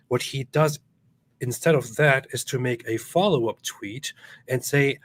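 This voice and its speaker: A man's voice: medium pitch, unhurried, fairly bright tone. A man co-hosting a livestream, commenting with scorn and reading out viewer messages, laughing at his own points. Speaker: livestream co-host.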